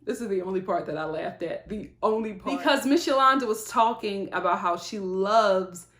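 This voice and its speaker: A woman's voice: medium pitch, normal speed. Chatty woman reviewing TV in echoey room. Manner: animated, sympathetic, chatty. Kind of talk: casual vlog review.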